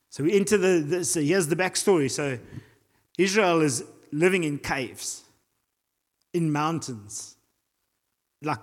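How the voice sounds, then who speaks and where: A man with a South African accent preaching a sermon as pastor, animated, acting out voices and reading scripture aloud. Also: a little high. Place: church hall. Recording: long hall reverb.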